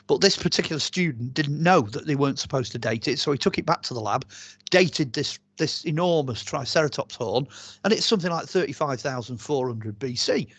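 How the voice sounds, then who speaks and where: Chatty, higher-voiced man. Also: a little fast, breathy edge, dry recording. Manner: chatty and animated, rambling with many fillers and restarts. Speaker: archaeologist and author, interview guest. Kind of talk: casual interview storytelling.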